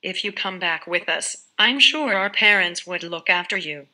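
A woman reading as Wendy, a gentle little girl. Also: fairly low pitch, lively intonation, normal speed, poor audio.

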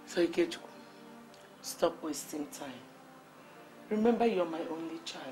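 A woman's voice: sits low, moderate pace, dark tone, natural voice, poor audio. An actress playing a doting, pushy mother with a Nigerian accent, speaking in a film scene over music. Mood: insistent. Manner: insistent, matchmaking.

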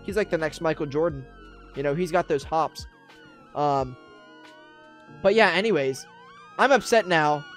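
A man's voice: on the high side, measured pace, pauses often, fairly bright tone, soft background music. A man giving roleplay gameplay commentary, dramatic and exasperated, with whiny pleading and complaints. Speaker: gaming YouTuber.

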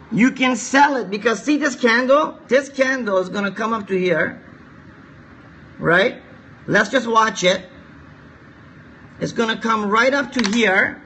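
Man, high voice, bright tone, live trading stream, repeats himself, urges viewers to share. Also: takes it slowly, pauses often, slightly rough. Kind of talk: live-stream market analysis.

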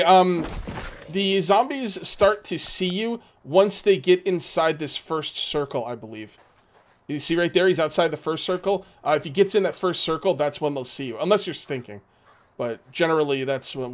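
A man's voice: on the high side, a little hiss or hum. Chatty man narrating gameplay. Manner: rambling, filler-heavy, chatty. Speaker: let's play host. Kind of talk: casual gameplay commentary.

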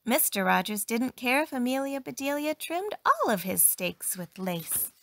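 A woman narrating a bedtime storybook reading with gentle, expressive delivery. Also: high voice, normal speed, gravelly, slight background noise.

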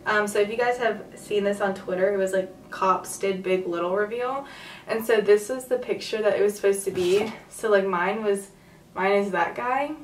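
A young woman vlogging, chatting excitedly to camera with lots of fillers. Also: medium pitch, normal speed, recorded from a distance, a little hiss or hum. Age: young adult. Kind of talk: casual chat to camera. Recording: echoey room, voice a little off-mic.

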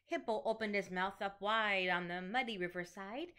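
A woman teacher reading picture books aloud to children in an animated, sing-song storytelling manner. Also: medium pitch, normal speed, hardly any pauses, clear, resonant tone.

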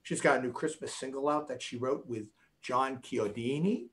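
A man's voice: mid-range voice, normal speed. An older man from New England with a light accent, a guest pianist chatting casually on a video call, rambling and joking with many restarts. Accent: light Boston-area New England. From New England, USA. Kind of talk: casual chat.

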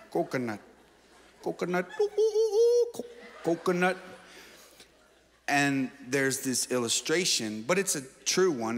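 A male pastor preaching a sermon, moving between shouted exhortations and playful asides. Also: mid-range voice, in a large hall. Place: church auditorium.

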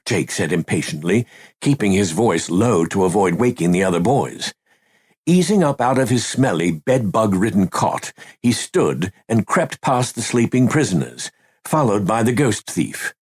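Husky male audiobook narrator. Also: fairly low pitch, moderate pace. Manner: lively, expressive storytelling.

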